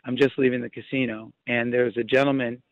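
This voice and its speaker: A man's voice: mid-range voice, flat delivery, no room sound. A young man speaks over a muffled phone line, tripping over his words as he relives a frightening night. His sentences break off and restart as he goes. The sound is dry and close, with no room around it. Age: young adult. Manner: halting, many restarts, vivid retelling. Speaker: phone-in guest. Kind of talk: emotional first-hand account. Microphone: phone call.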